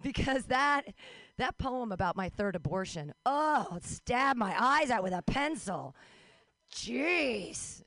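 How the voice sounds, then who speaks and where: A young adult woman doing a wry, self-mocking stand-up set out in the street, with quick asides and put-on voices. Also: fairly high pitch, expressive, fairly bright tone, no room sound. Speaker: stand-up comic. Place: street outdoors.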